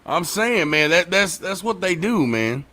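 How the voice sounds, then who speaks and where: A man's voice: high-pitched, big pitch swings, a little slow, bright, forceful tone. A man co-hosting a casual talk show, telling loose, laughing stories about his kids, full of cursing. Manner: loose, laughing, profane storytelling. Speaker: podcast co-host. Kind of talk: casual chat.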